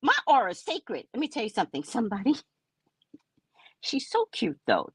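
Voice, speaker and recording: Woman, casual rant, brash and cussing, higher pitch, dry close sound. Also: normal speed, slightly rough, no room sound. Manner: brash, profane, mocking, animated storytelling. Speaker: psychic reader and vlogger. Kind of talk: casual live-stream rant.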